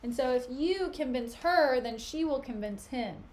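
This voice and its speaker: A woman's voice: high-pitched, expressive, measured pace, darkish tone. A woman voicing a scheming male villain who talks like a friendly buddy, slangy and falsely caring, in a casual retelling of a play on stream.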